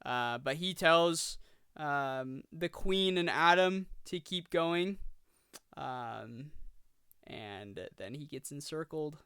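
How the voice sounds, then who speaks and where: A young man in his twenties co-hosting a podcast, chatting excitedly about a film and rambling through his points. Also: fairly high pitch, takes it slowly, clear, resonant tone, no echo, studio quality. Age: 20s. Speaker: podcast co-host. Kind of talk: casual film review chat.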